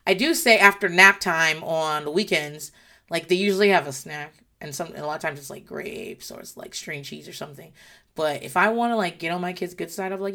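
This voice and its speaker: A mother talking casually about parenting, blunt and animated, with plenty of swearing. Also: lowish voice, a little fast.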